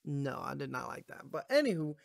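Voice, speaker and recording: A man's voice: medium pitch, very animated, fairly quick, gravelly, no room sound. A man giving casual, rambling commentary while reacting to music, swearing often and yawning now and then. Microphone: gaming headphones setup.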